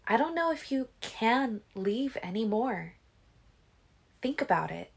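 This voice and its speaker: Woman doing a perky teen vampire girl, insistent, high and lively, unhurried reading. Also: gravelly, husky, full character voice. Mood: urgent.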